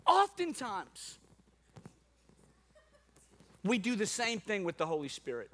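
A man preaching a sermon with a high, bright voice. He tells his story in an animated, self-mocking way, full of repeated asides, before turning to an earnest message. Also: slow. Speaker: pastor.

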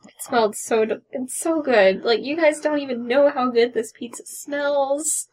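A woman's voice: high voice, moderate pace, darkish tone. A woman co-hosting a podcast, chatting casually and chiming in with gushing remarks. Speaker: podcast co-host. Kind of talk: casual chat.

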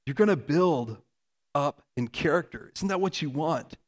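A man's voice: on the high side, lively intonation, moderate pace. A man preaching a sermon as a pastor, earnest and conversational, with casual asides.

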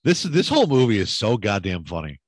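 A man's voice: lowish voice, huge pitch swings, fairly quick, no room sound, clean studio sound. Easygoing man co-hosting a podcast. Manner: easygoing, reads quotes aloud. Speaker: podcast co-host. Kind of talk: casual chat.

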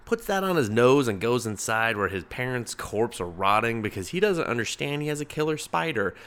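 A man's voice: medium pitch, big pitch swings, brisk, a bit bright, smooth. A young man casually reviewing comic books, swearing freely, rambling, and laughing at his own jokes. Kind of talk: casual solo review podcast.

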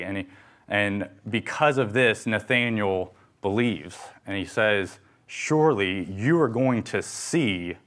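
A man's voice: medium pitch, fairly bright tone. Earnest man preaching a sermon. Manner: earnest, emphatic preaching with fillers and restarts. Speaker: pastor.

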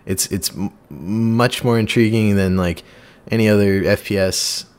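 Animated low-voiced man hosting a podcast. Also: a little slow. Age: 20s. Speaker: podcast host. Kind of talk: casual podcast chat.

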